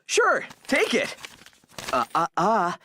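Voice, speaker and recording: A man's voice: high voice, wildly swooping pitch, slow pace, pushed and bright, a little hiss or hum, full character voice. A man voicing an eager, sly young male copycat coworker in a cartoon, wheedling as he talks.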